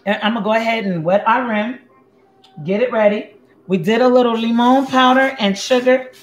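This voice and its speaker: A woman's voice: a little high, normal speed. Sassy woman chatting in kitchen. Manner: blunt, sassy, chatty, talks to viewers. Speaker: cooking show host. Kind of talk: casual livestream cooking chat. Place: home kitchen. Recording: echoey room with faint background noise.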